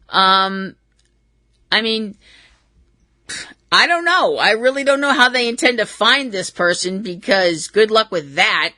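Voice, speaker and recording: A woman's voice: a little high, expressive, a little slow, pushed and bright, dry recording. A woman hosting a wrestling podcast, talking casually in a blunt, sarcastic way and swearing freely. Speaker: podcast host.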